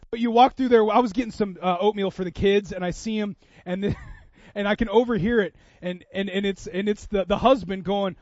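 A man in his thirties preaching a sermon, telling stories with swings from loud bursts to quiet moments. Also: high voice, fast talker, dry recording, muffled recording. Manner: animated storytelling, swings from loud to soft. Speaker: pastor.

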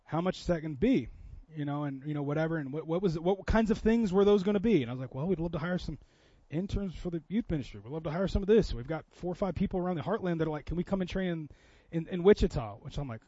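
A man's voice: a little high, animated, fast, mellow, dry recording, highs cut off. A man preaching a sermon in a church, telling a story in a conversational way that builds to impassioned preaching. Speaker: pastor.

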